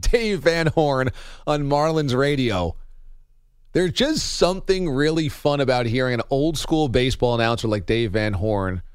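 A man's voice: medium pitch, animated, unhurried, smooth. A man hosting a sports talk show, joking around and rattling off baseball stats in a casual, wry way.

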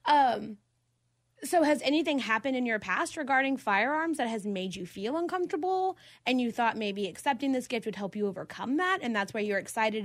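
A woman's voice: a little high, lively intonation, brisk, dry recording. A woman in her twenties hosting a talk show, blunt and opinionated, laughing often. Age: 20s. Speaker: podcast host. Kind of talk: casual debate chat.

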